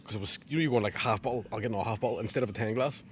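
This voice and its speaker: A man's voice: lowish voice, rapid-fire, a little hiss or hum. A man, a comedian guest telling jokey stories in a casual chat, swearing freely. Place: garden outdoors.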